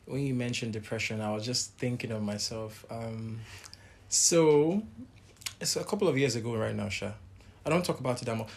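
Male co-host, candid, mid-pitched, casual faith chat. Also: normal speed, gravelly. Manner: candid, animated when quoting others. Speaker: podcast co-host.

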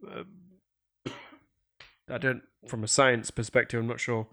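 Man, casual film talk, hesitant, lots of ums, dry room sound, mid pitch. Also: measured pace, no echo. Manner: relaxed, hesitant, many fillers.

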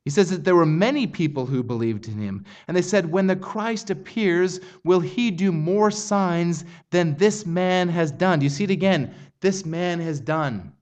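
Guy preaching a sermon, earnest, voice sits a bit high. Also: normal speed, few pauses, a little mellow. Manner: earnest expository preaching, rising intensity on quoted lines. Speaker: pastor.

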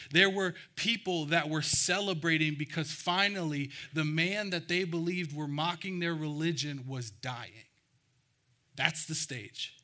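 Bright earnest male preacher. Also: on the high side. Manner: earnest, pauses to let lines land, reads scripture slowly. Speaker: pastor. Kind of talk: sermon.

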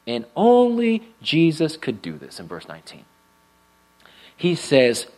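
A man preaching a sermon to a congregation, with expressive delivery that swings between loud emphasis and hushed, quiet lines. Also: mid-range voice, fairly quick, low-quality recording. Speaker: pastor. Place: church sanctuary with live and online congregation.

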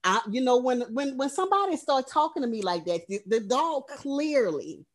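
A woman's voice: high voice, expressive, moderate pace, over music. A woman co-hosting a podcast, recapping a horror film in casual, profane storytelling. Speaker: podcast co-host.

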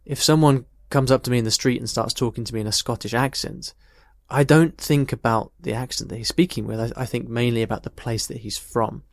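A man's voice: medium pitch, brisk, no echo. A man talks through a language question like an English teacher, thoughtful and conversational, with personal stories along the way. His voice sits in a middle register. The sound is close and dry, with no room around it. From United Kingdom. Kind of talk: casual explanatory talk answering a question.

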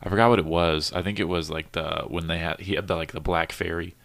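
A man's voice: low-pitched, fairly even intonation, fast, vocal fry, fairly bright tone, no echo. A man co-hosting a laid-back podcast chat, hedging his points as he goes. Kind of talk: casual chat.

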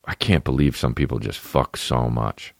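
A podcast host in his thirties speaks with an extremely low, creaky voice at a moderate pace. He tells rambling, profane, self-deprecating stories in a casual, comedic way. The studio sound is clean, with no echo.

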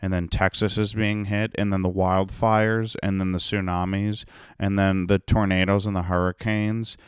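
Young guy, low smooth voice, dry close sound; sarcastic, profane podcast host. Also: level tone, normal speed, no echo. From Rhode Island, United States. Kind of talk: casual solo podcast rant.

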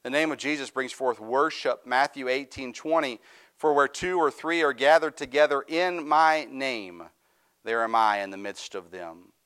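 A man's voice: mid-range voice, moderate pace, fairly bright tone, clear, resonant tone. A middle-aged male pastor preaching a sermon, reading scripture aloud and rising into fervent, raised preaching.

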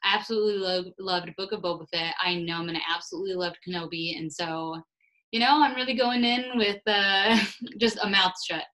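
A woman's voice: medium pitch, pushed and bright, poor audio. A woman co-hosting a casual podcast chat, upbeat and giggly. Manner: upbeat, giggly, quick asides. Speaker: podcast co-host.

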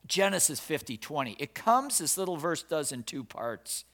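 A man's voice: a little high, very animated, normal speed, a bit bright. A male pastor preaching a sermon, telling a story dramatically and emphatically, with frequent restarts and repetition.

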